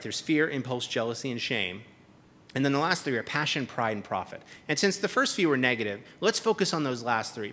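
A man's voice: a little high, sharp tone. A man giving a comedic keynote speech on a conference stage, with a sarcastic, punchy delivery and repeated punchlines. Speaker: keynote speaker.

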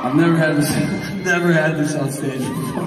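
A man's voice: a little high, huge pitch swings, moderate pace, far from the mic, heavy background noise. A man with the hiccups joking loosely with his concert audience from the stage, laughing between sentences, heard through live concert audio. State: has the hiccups. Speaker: rapper addressing a concert crowd. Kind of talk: casual stage banter. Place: large concert venue, on stage. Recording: echoey live concert audio, loud crowd.

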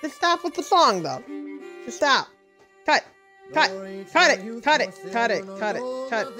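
Casting: young woman gamer, slow-talking, exasperated and profane, game music behind her. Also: on the high side, big pitch swings. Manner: exasperated, swearing, talking to the screen. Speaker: gaming video creator. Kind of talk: live gameplay commentary. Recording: voice over game audio with music.

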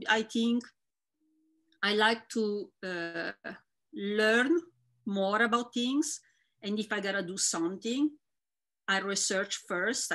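A middle-aged woman from Italy with a thick Italian accent, chatting as an interview guest about her work and life. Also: medium pitch. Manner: thick accent, animated storytelling. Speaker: guest, Instagram content creator. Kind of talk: casual interview chat.

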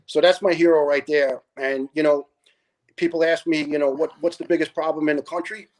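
A man's voice: fairly high pitch, little pitch movement, fairly quick, darkish tone. A man in his fifties, a retired fire lieutenant from Staten Island, telling family stories in an earnest, heartfelt way as a podcast guest. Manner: earnest, heartfelt, acts out other people's words. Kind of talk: casual storytelling.

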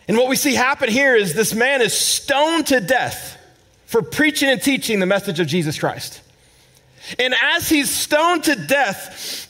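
A male pastor preaching a sermon at a church service. He swings dramatically between loud emphasis and hushed, low asides, sometimes repeating words as he searches for a phrase. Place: church service with a responding congregation.

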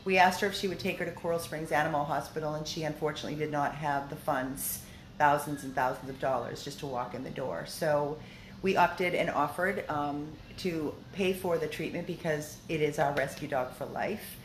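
A woman's voice: sits low, normal speed. Chatty woman in an echoey room. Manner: heartfelt, chatty, many fillers. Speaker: dog rescue organizer. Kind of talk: casual video update. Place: indoors at a dog rescue house. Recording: echoey room with faint noise.

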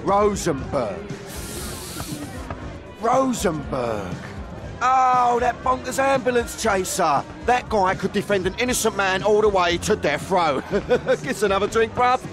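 Cocky English hustler, slangy and chattering, high voice, swooping pitch, game cutscene with loud music behind. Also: male voice, animated, normal speed, few pauses. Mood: chatty. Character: boastful shifty English music manager, man. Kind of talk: video game cutscene acting.

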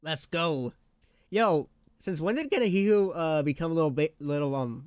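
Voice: medium pitch, expressive, moderate pace, a little mellow, no room sound, studio quality. A live streamer chatting casually with chat, laughing often and talking in playful slang.

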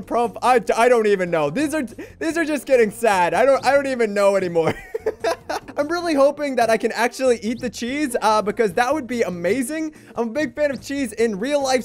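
Man, let's play commentator, very high voice, goofy and punny, faint game music behind. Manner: goofy, punny, laughs often. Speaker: gaming video creator.

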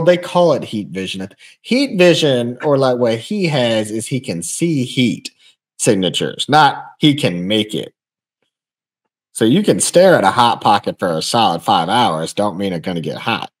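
A man's voice: medium pitch, very animated, a little slow. A young man co-hosting a casual comedy podcast, bantering playfully and laughing often. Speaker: podcast co-host.

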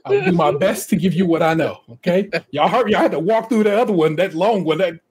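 An American man hosting a podcast in casual chat, reading contestant bios aloud with chatty, animated asides and frequent laughter. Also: high voice, fast talker, a crowd in the background. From United States. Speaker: podcast host.

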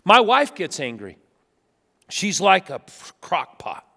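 A middle-aged man preaches in a church sanctuary, his voice sitting high for a man. He tells stories with lively energy and slips into the voices of the people he quotes. The sound carries a long hall reverb. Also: takes it slowly, gravelly. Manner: animated storytelling, acts out quotes. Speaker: pastor. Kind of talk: sermon.

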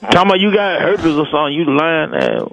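A man's voice: on the high side, expressive, fast talker, gravelly, a bit bright, no echo. An actor playing a slick male street hustler calling in to a radio comedy show, rambling in slang and calling everyone "shawty" and "boy.". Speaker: radio show regular on the phone.

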